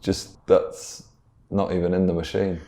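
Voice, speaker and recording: Brief: man as an earnest lonely scientist, low and creaky, fond and reassuring. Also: level tone, unhurried, dark tone. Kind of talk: improvised comedy podcast.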